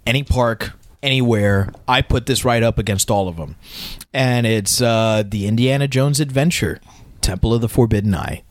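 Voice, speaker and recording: A man co-hosting a casual chat, telling an anecdote in a halting way, with many restarts and fillers. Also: medium pitch. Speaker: podcast co-host.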